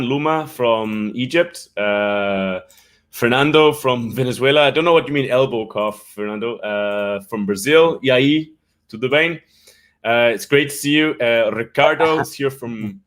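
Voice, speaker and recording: A man's voice: medium pitch, moderate pace, fairly bright tone. Irish guy hosting a live stream, chatty, reads out names from the comments, laughs a lot. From Ireland. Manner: greets viewers by name from the comments, laughs often. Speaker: English teacher, live-stream host. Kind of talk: casual live-stream chat.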